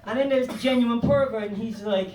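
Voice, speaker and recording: A man's voice: extremely high pitch, a little fast, a crowd in the background. An Irish man doing a stand-up comedy set, rambling loosely and swearing. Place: comedy club stage. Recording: roomy club, distant mic.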